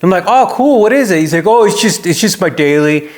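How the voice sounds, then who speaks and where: A man's voice: sits high, a little fast. A man, a YouTuber, talking casually to his viewers and telling stories, acting out the people he quotes. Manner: animated storytelling, acts out quoted people. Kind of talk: casual talking-head vlog.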